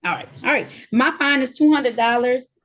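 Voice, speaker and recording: Firm judge on a video call, higher voice. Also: female voice, moderate pace, a bit bright, highs cut off. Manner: firm, direct, scolding. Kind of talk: court hearing.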